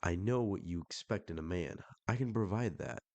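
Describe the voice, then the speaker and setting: A man's voice: low voice, normal speed, a little mellow, dry recording, lightly acted. A man reading the messages of a pushy, creepy man who keeps texting a widow, in a wheedling, insistent tone.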